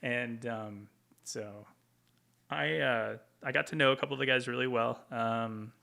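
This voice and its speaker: A man's voice: mid-range voice, fairly even intonation, unhurried, gravelly, bright, forceful tone. A man from Tacoma, Washington, a veteran guest in an interview, telling stories casually with plenty of ums and likes. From Tacoma, Washington, USA. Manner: rambling, with frequent ums and likes.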